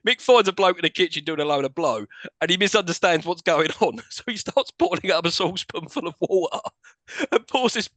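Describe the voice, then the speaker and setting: A man co-hosting a film podcast in animated, incredulous casual chat, laughing often. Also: high-pitched, brisk, dry recording. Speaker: podcast co-host.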